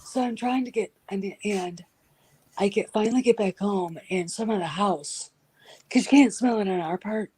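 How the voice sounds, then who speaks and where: A woman with a husky voice chatting casually, telling animated stories and acting out what people said. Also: mid-range voice, normal speed, rough recording. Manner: animated storyteller, acts out quotes. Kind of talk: casual chat.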